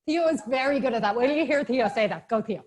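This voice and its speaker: A woman's voice: on the high side, animated, fast, a little mellow, a little hiss or hum. Playful woman leading kids yoga. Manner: playful, encouraging, chatty, laughs often. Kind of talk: live online kids yoga class instruction. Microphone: video call.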